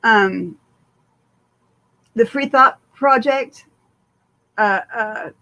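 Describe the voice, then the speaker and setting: A woman's voice: fairly high pitch, drawn-out words, sharp tone, rough recording. A woman hosting a casual livestream, swearing freely and rambling with many fillers while answering viewer chat. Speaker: livestream host.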